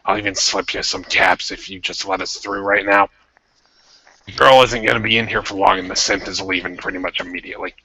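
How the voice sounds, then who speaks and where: Guy doing a shady scavenger whispering a bribe, low bright voice, dry. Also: fairly even intonation, a little fast, husky, full character voice, rough recording. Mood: conspiratorial. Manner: hushed, conspiratorial and crude. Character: scheming male scavenger bribing a guard.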